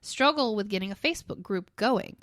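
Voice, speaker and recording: A woman's voice: medium pitch, a little fast, no echo, studio quality. A young woman co-hosting a casual podcast, laughing often and telling stories with animation. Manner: giggly, animated storyteller. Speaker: podcast co-host. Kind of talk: casual chat.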